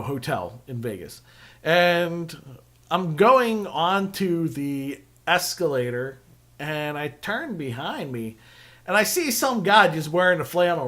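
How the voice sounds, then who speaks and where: A man chats through a loose podcast monologue. His voice sits a little higher than most men's and has a bright, forceful edge. He wanders through his stories with constant fillers and easy swearing. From Western Pennsylvania. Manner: rambling, lots of fillers and swearing. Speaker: podcast host. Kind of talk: casual storytelling monologue.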